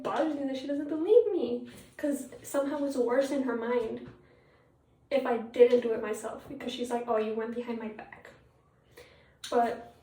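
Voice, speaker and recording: With a high, warm voice, a teen vlogger chats casually while getting ready in her bathroom at home, rambling through fillers and recounting what others told her. Her tablet sits a bit far off, giving an echoey, distant sound with slight background noise.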